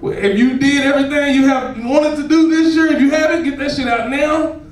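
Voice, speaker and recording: A man performing a profane stand-up comedy set on a club stage, laughing and shouting as he tells stories. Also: very high-pitched, moderate pace. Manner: loud, laughing, profane storytelling to a crowd. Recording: echoey club recorded from far off.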